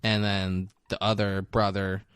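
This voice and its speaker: A man's voice: fairly low pitch, little pitch movement, unhurried, fairly bright tone, clean tone, dry recording, clean studio sound. A man co-hosting a podcast, telling a movie scene in a rambling, profane, casual way. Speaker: podcast co-host. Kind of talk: casual movie recap chat.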